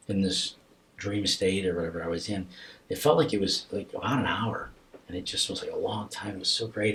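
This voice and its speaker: Emotional middle-aged man with a low voice. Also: a bit bright, slight background noise, rough recording. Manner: halting, repeats himself, voice rises and falls with emotion. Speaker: podcast guest. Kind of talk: emotional personal storytelling.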